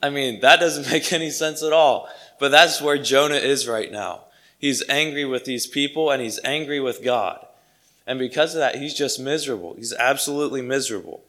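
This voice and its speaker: A man's voice: medium pitch, moderate pace, a bit bright. A man preaching a sermon to his congregation, earnest and emphatic, repeating key phrases for weight.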